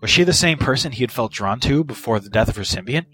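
A man reading fan fiction aloud in a steady, measured narration. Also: medium pitch, soft background music. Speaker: reader.

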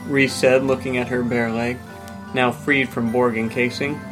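A man's voice: medium pitch, flat delivery, measured pace, music in the background, low-quality recording. Man reading a story aloud. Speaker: reader. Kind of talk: fan fiction reading.

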